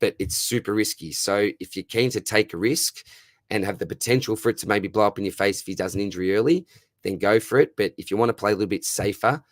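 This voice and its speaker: Hoarse Australian man, matey. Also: low-pitched, no room sound, studio quality. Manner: matey, chummy, calls everyone mate and brother. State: hoarse, losing his voice. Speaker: livestream host answering viewer questions. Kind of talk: casual livestream Q&A.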